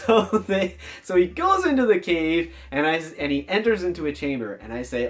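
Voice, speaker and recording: A man vlogging about running a tabletop game, telling the story in an enthusiastic, animated way. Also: on the high side, moderate pace, hardly any pauses. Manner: animated, enthusiastic, jumps between voices. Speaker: dungeon master, tabletop gaming vlogger. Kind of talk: casual storytelling vlog.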